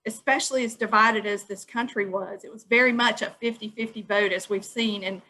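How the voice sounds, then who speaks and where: Bright-voiced woman making her point. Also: medium pitch, steady tone, fairly quick, poor audio. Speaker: webinar participant. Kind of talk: giving an opinion in a video call.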